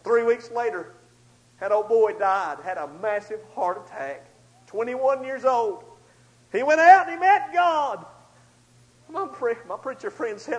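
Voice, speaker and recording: A man preaching a storytelling sermon, swinging between loud outbursts and hushed asides. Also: very high voice, expressive, a little slow, rough recording.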